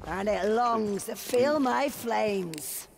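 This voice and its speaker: An actress voicing a proud, fierce female fire mage in a video game, slow and intense. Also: fairly high pitch, lively intonation, gravelly, background noise, heavily acted.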